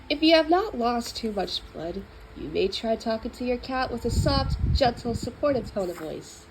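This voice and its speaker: A woman reading a children's book aloud in an expressive, playful way. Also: fairly high pitch, moderate pace, hardly any pauses, background noise. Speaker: storybook reader.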